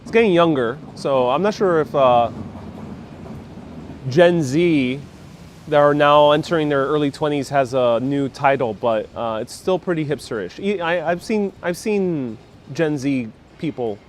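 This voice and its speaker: A man's voice: fairly high pitch, unhurried, a little hiss or hum. Chatty man live-streaming a street walk. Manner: chatty and upbeat, laughs often. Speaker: live-stream host walking the city. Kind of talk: casual live-stream chat reading viewer comments. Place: outdoors on busy city streets. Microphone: wireless clip-on mic with phone on gimbal.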